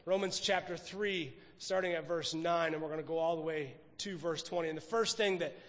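A man's voice: on the high side, fairly even intonation, brisk, fairly bright tone, big-room sound. A man preaching a sermon, emphatic, repeating phrases for stress. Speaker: pastor.

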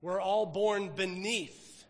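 A man's voice: high voice, fairly even intonation, takes it slowly, vocal fry, long reverb tail. A man preaching a sermon, emphatic, repeating phrases for stress. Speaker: pastor.

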